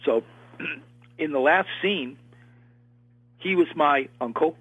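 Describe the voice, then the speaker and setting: An older man, an actor, telling an animated story in a casual interview, with lots of restarts and acted-out quotes. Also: a little high, slow, breathy edge, no room sound. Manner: animated, repeats and restarts, acts out quoted voices. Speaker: actor guest recalling film work. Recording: tinny phone-line sound.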